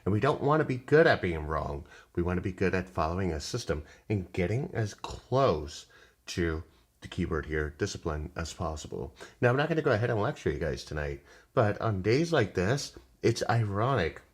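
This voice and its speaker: A man's voice: deep voice, moderate pace, breathy edge. A man casually walking viewers through a trading chart, rambling and swearing, acting out little voices as he goes. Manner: profane, rambling, animated with put-on voices. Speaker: day trading streamer. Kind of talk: casual live chart walkthrough.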